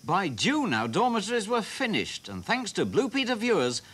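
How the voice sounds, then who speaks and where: A man presenting a children's TV show, telling the story in a bright, lively voice-over. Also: sits high, moderate pace, background noise. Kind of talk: scripted voice-over narration.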